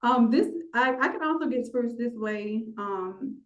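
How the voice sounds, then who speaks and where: A woman instructor teaching a live online design class, animated and playful, talking straight to her viewers. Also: fairly high pitch, measured pace, lo-fi sound. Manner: animated, playful, talks to the audience. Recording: roomy echo.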